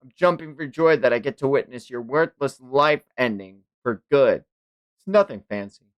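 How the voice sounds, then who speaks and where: A man's voice: mid-range voice, expressive, moderate pace, muffled recording, lightly acted. A man voicing an arrogant, ancient male villain god who talks with contempt and barks commands. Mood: scornful.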